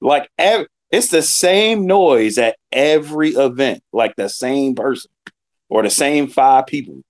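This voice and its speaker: A man's voice: mid-range voice, lively intonation, unhurried. A young man co-hosting a tech show, complaining in a laid-back, casual way with lots of swearing and mocking quotes. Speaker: co-host. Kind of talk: casual ranting chat.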